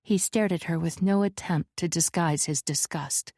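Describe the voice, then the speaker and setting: A woman narrating an audiobook in a measured, even storytelling manner, close to the mic. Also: lowish voice, dry recording. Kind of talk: scripted narration.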